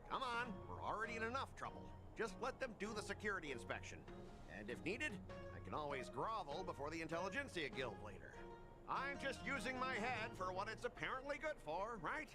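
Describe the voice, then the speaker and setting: A man's voice: sits high, big pitch swings, fairly quick, over music. An actor voicing a smug, sarcastic male merchant in a game, drawling and self-satisfied. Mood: wheedling. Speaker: game character. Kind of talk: game voice acting.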